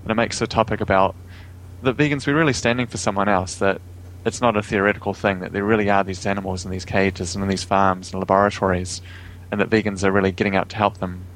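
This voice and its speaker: A man's voice: deep voice, fairly even intonation, quick pace, a bit bright, slight background noise, rough recording. A man with a New Zealand accent, a guest talking casually in an interview over a remote call, easygoing and chuckling often. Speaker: guest, vegan activist.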